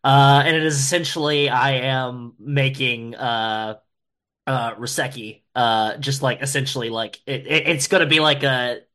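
A man's voice: mid-range voice, fairly even intonation, a little slow, bright, forceful tone. A man in a casual chat about a game, speaking hesitantly with many fillers. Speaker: player.

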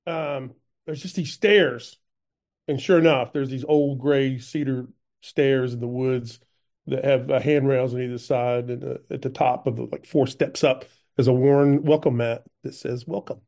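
A man narrating his own character's actions in a tabletop game, halting and full of fillers. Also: medium pitch, fairly even intonation, darkish tone. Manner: halting, filler-heavy storytelling. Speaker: player.

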